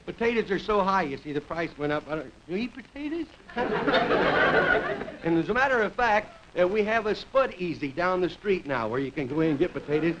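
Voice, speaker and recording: A man's voice: sits high, expressive, moderate pace. A man hosting a comedy show, giving a rambling, folksy stand-up monologue and chuckling at his own jokes before a studio audience. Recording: dull lo-fi 1950s television audio with loud hiss. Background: studio audience laughter.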